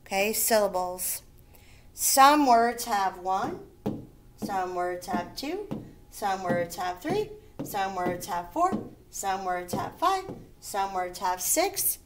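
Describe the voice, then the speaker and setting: A woman teaching first graders a recorded lesson on syllables, slow and patient, stretching out each word so the children can hear the beats. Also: mid-range voice, very animated, background noise. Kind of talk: recorded remote phonics lesson.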